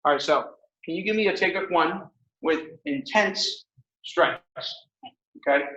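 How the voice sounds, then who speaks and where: A man teaching a martial arts class, calling out commands with energetic shouts and laughter. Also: sits high, measured pace, lo-fi sound. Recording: echoey room, mic far off.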